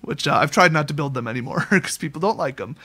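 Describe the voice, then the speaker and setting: A chatty man with a notably high-pitched voice, speaking as a podcast guest. He rambles in a relaxed, casual way and keeps breaking into laughs between his points. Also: fast talker. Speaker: podcast guest, content creator.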